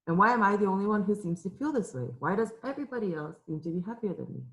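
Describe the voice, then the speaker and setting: A woman's voice: medium pitch, fast talker, poor audio. A young woman from Los Angeles, a youth minister, giving a candid and emotional personal testimony, tearful at times. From Los Angeles, California. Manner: candid and emotional, with many fillers and restarts. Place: church room with an audience.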